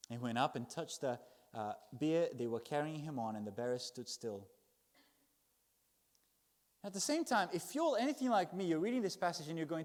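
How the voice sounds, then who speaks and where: In church on a Sunday, a man delivers an expressive sermon, swinging between loud emphasis and hushed words. His voice is a little high, and he speaks at a normal speed.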